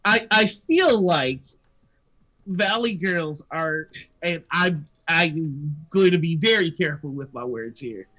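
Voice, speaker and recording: A woman's voice: deep voice, lively intonation, slow, fairly bright tone, highs cut off. An American woman hosting a live stream, chatting casually, laughing often and stammering. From United States. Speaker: stream host. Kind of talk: casual chat.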